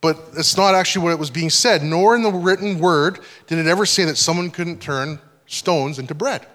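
A pastor giving a conversational sermon, often checking that the congregation is following. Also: male voice, on the high side, moderate pace, fairly bright tone. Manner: conversational teaching, frequent check-ins with listeners. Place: church hall. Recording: long hall reverb.

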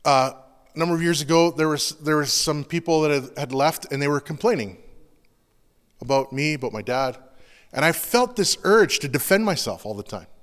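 A man's voice: fairly high pitch, lively intonation, normal speed, fairly bright tone. Earnest man preaching in a reverberant hall. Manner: earnest, confessional, conversational with many "like"s. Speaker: pastor. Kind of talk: sermon.

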